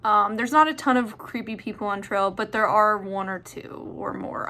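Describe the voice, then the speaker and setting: Bright-voiced young woman chatting casually. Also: medium pitch, normal speed. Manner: chatty, rambling, lots of fillers. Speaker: vlogger answering viewer questions. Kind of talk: casual chat.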